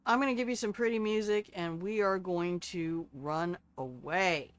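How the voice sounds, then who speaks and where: A woman's voice: lowish voice, moderate pace. An older woman signing off a game livestream, chatty and affectionate with a self-deprecating streak. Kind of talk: casual livestream sign-off. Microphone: streaming desk microphone.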